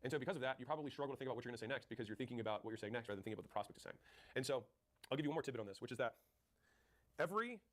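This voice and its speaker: Man, very fast talker, mid-pitched voice, punchy sales coaching, plays out sales dialogue. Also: expressive.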